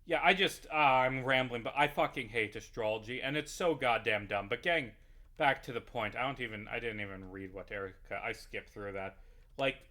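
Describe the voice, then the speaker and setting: A man's voice: mid-range voice, moderate pace, bright, forceful tone. A man giving a heated, profane, rambling rant over his gameplay. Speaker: YouTuber playing a game. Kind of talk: ranting gameplay commentary.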